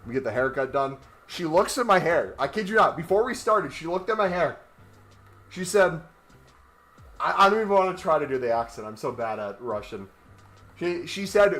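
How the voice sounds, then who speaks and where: A man's voice: on the high side, expressive, moderate pace, a bit bright. A man chatting casually on a gaming livestream, rambling and joking while he walks on a walking pad. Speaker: gaming streamer.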